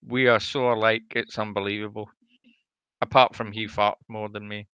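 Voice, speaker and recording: A man's voice: lowish voice, flat delivery, moderate pace, bright, forceful tone, smooth, no echo, muffled recording. A man with a Scottish accent, co-hosting a casual livestream and teasing the host. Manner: teasing, jokey.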